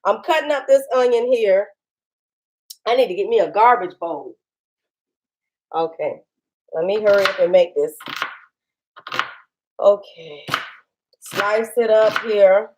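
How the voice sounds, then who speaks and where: A woman hosting a casual live cooking demo from her home kitchen, chatty and excitable, laughing often and talking straight to her viewers. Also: medium pitch, takes it slowly, long pauses, noisy background. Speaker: cooking channel host.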